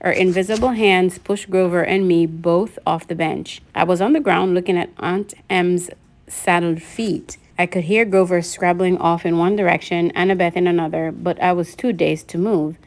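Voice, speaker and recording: A woman reading a novel aloud, narrating in a steady first-person voice. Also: lowish voice, normal speed. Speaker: reader.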